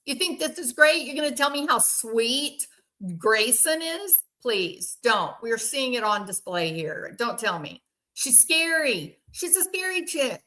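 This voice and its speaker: A woman's voice: high-pitched, very animated, unhurried, bright, forceful tone. A woman hosting casual true crime commentary, bluntly and indignantly answering viewers by name. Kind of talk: casual commentary reacting to chat.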